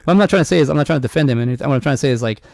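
A man on a movie podcast talks fast in a gravelly voice, rambling and swearing freely. He keeps restarting his sentences as he chats casually into a close, dry mic. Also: a little high, a little mellow, no room sound. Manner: rambling, loose and profane, with many restarts. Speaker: podcast co-host.

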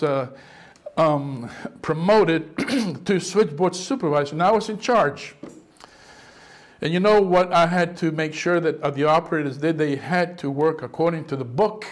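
A middle-aged male pastor preaching a sermon in an animated way, often acting out the voices of people he quotes. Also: fairly high pitch.

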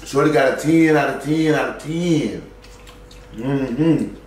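A laid-back man tastes food on a home cooking vlog, speaking very slowly with approving murmurs. He is heard from a distance in an echoey kitchen over faint background noise. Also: on the high side, a little mellow. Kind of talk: casual chat. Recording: roomy, distant mic, faint room noise.

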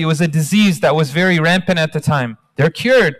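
Animated storyteller man in an echoing hall. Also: fairly high pitch, normal speed. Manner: animated, engages the audience. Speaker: guest speaker. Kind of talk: storytelling religious talk. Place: large hall at a community talk night. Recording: long hall reverb.

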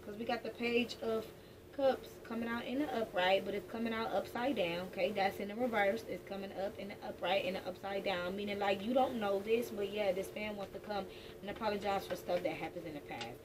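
A woman's voice: medium pitch, brisk. A woman giving a casual tarot reading in a blunt, profane, joking way. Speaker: tarot reader. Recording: distant mic with background noise.

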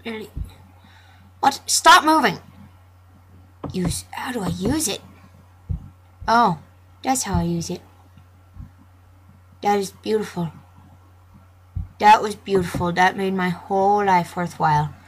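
A young woman talks over a computer game, joking sarcastically and reading the characters' lines aloud. Her voice is breathy and sits at an ordinary pitch. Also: measured pace, pauses often. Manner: playful, sarcastic, reads game dialogue aloud. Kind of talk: gameplay commentary.

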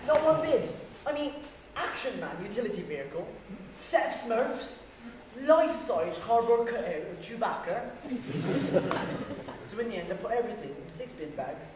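A man's voice: high voice, big pitch swings, normal speed, long pauses, background noise. A young man playing a cheeky village lad in a student stage play, chatty and laughing, with a put-on West Country accent. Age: young adult. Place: college theatre stage. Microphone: far camera. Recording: echoey hall from far off.

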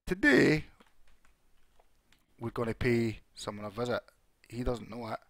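A Scottish man hosting a Minecraft let's play in casual, excitable commentary, his voice hoarse as it recovers. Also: medium pitch, a little fast, no echo. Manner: chatty and excitable, laughs often.

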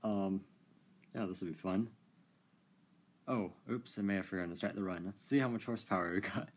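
A man giving casual, amused commentary while playing a racing game, chatty and quick to laugh. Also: low voice, slight background noise. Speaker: gaming video creator.

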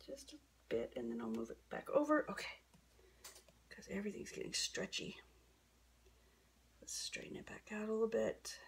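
A woman's voice: medium pitch, wildly swooping pitch, normal speed, gravelly, pauses often, breathy edge. A woman artist narrating her painting in a casual, gushing way, often dropping into a whisper, recorded on a camera on a stand. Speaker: acrylic pour artist.

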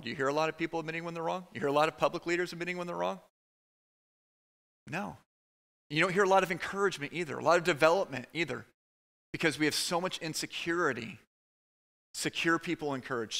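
A man preaching a conversational sermon to his church, with quick asides to the room. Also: on the high side, gravelly, fairly bright tone. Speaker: pastor. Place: church sanctuary.

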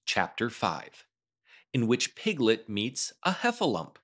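A man reading a children's storybook aloud in an expressive, animated way, as the show's regular storyteller. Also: medium pitch, slow pace.

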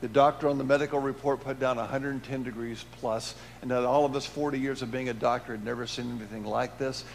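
A man preaching and telling a personal testimony, swinging between loud emphatic lines and hushed low ones. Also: steady tone, fast, slight background noise. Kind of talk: testimony sermon.

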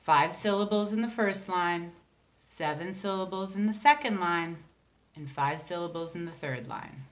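A woman teacher giving a recorded lesson, talking patiently and counting out syllables step by step. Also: lowish voice. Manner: slow, patient, spells out syllables.

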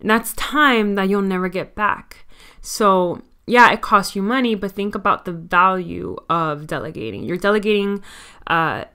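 A woman with a Miami accent hosts a solo podcast in a casual, chatty way. Her voice is smooth and clear, at a middle pitch, and she pokes fun at herself as she talks. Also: measured pace, bright, forceful tone. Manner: chatty, candid and self-mocking. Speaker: podcast host.

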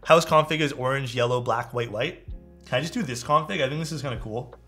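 A man's voice: medium pitch, quick pace, pushed and bright, soft background music. A man building a keyboard live on stream, chatting casually, thinking aloud and answering his chat.

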